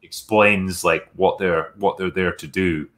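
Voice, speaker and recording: Low-voiced, forceful man chatting casually. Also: steady tone, a little slow. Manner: rambling, full of "like" fillers, laughs often. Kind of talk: casual chat about a film.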